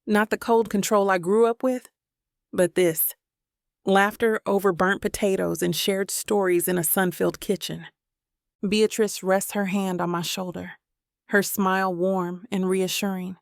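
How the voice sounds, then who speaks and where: A woman's voice: mid-range voice, steady tone, unhurried, creaky, no echo. A woman narrating a first-person romance audiobook in a tender, reflective manner, recorded on a close mic.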